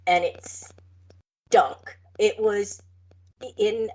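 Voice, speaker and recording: A woman co-hosting a podcast, chatting casually and narrating a case in a halting, careful way. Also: medium pitch, fairly even intonation, darkish tone. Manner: halting, careful, with many fillers. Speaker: podcast co-host. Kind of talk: casual chat and true-crime narration.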